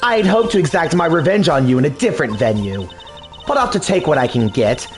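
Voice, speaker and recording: A cold, proud young woman prosecutor speaks in clipped, scornful lines, voiced by a man in a fan game dub. Her voice sits a little lower than his usual talk. Faint music plays underneath. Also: very animated, fast talker.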